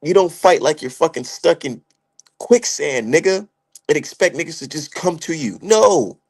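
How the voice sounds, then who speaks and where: A man's voice: a little high, expressive, normal speed, a little mellow, slightly rough. A young man giving heated, profane, slangy commentary as a streamer. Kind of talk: ranting casual commentary.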